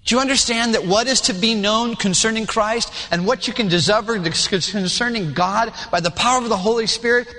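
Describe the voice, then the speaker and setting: A man preaches with a high, bright voice, acting out little scenes in different voices for his congregation. The sound carries the long echo of a church hall. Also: a little fast, hardly any pauses. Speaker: pastor. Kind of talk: sermon. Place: church sanctuary.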